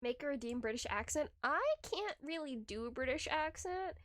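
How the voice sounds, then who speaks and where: Young woman streamer rambling to chat, lots of giggles and restarts, kinda high voice, close mic. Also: lively intonation, moderate pace, a bit bright, dry recording. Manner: rambling, laughing, frequent restarts. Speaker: livestreamer. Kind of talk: casual stream chat reading chat. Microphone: desk microphone, close.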